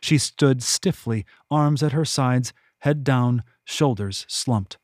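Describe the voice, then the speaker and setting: A man narrating his own fantasy novel as a podcast audiobook, in measured, even storytelling. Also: mid-range voice, no room sound, clean studio sound. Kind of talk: scripted narration.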